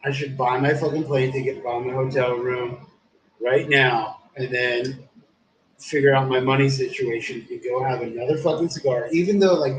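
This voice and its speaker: A man's voice: medium pitch, moderate pace, slight background noise. A young man telling a long story in casual, rambling talk, swearing a lot and saying "dude" constantly. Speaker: live streamer. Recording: echoey room.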